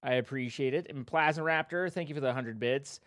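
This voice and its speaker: A man on a live stream casually thanks viewers by name, reading out donor names and tossing in playful joking asides. His voice is medium-pitched and brisk, against a noisy background.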